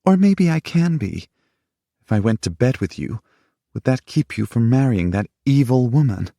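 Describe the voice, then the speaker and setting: A man's voice: big pitch swings, slow, slightly rough, dry recording, studio quality, full character voice. A man voicing a furious, accusing young woman. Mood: angry. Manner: sharp, accusing, voice pitched up high. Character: furious young woman, time-displaced lover. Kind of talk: audiobook character voice.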